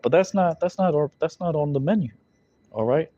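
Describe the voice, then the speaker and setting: A man's voice: on the high side, brisk, mellow. A man teaching scripture in a loose, conversational way, full of fillers and tag questions. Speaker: Bible teacher. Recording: dull lo-fi recording.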